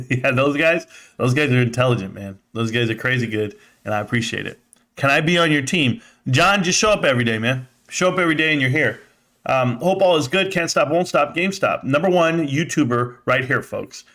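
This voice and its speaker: A man hosting a casual live stream, reading chat aloud and thanking viewers by name. He rambles in an animated, sometimes profane way and says he feels out of breath. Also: medium pitch, fairly quick. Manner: rambling, animated, swearing, laughs often.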